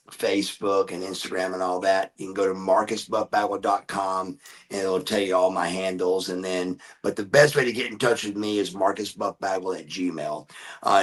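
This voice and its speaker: A man in his fifties talks as a guest in a casual interview. His voice sits fairly low, and he rambles loosely from one point to the next. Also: a bit bright. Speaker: guest, former pro wrestler.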